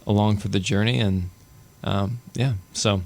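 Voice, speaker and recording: Low, gravelly-voiced man hosting a podcast. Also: fairly even intonation, a little slow, a little mellow. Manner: joking, laughs often. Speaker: podcast host. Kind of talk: casual podcast chat.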